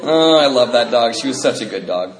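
A man's voice: medium pitch, lively intonation, brisk, crowd noise. Rambling man telling his life story. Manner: rambling, many fillers, darkly joking. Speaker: speaker sharing his recovery story. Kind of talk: personal storytelling talk. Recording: roomy echo, faint noise.

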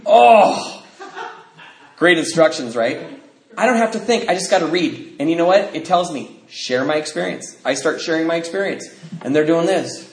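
A man sharing his recovery story with a meeting, lively, acting out what people said and laughing often. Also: fairly high pitch, fairly quick. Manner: animated, acts out quoted dialogue, laughs often. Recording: echoey room, faint noise.

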